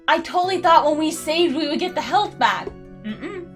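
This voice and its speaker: A young adult woman giving playful, excitable commentary while playing a game. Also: high-pitched, moderate pace, soft background music. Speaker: let's play gamer.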